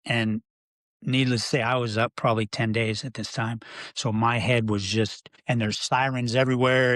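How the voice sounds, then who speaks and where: A man's voice: mid-range voice, fairly bright tone, no room sound. A middle-aged man, a podcast guest, telling his life story in a rambling, candid way with many fillers and restarts.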